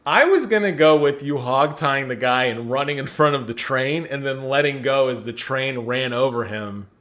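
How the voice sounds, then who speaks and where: A young man co-hosting a gaming podcast, telling a story in an animated way and laughing often. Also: medium pitch, moderate pace, muffled recording. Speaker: podcast co-host. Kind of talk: casual chat.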